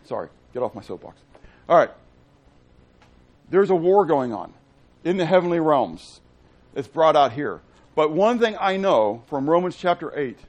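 Man, pastor, fairly high voice, chatty preaching, hushed to loud. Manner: conversational preaching with rhetorical questions; swings from hushed to loud and excited. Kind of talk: sermon.

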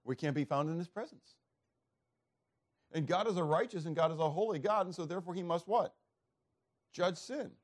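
A male pastor delivering a sermon in a slightly higher voice. He reads scripture aloud and keeps asking "what?" so the listeners fill in the answer. His loudness rises and drops off sharply. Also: fairly quick, pauses often. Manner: call-and-response questions, emphatic swings in loudness.

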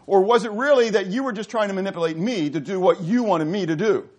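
A man's voice: high voice, fast, hardly any pauses, darkish tone. A male pastor preaching a sermon, asking rhetorical questions and restarting phrases with stammers.

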